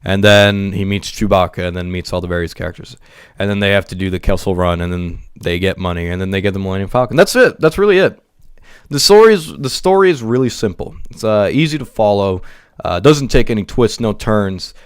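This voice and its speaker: A man's voice: deep voice, fairly quick, clear, resonant tone, no echo, clean studio sound. A man giving an exasperated, profane movie review rant, stumbling over his words as he goes. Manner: exasperated, profane ranting with stammered restarts.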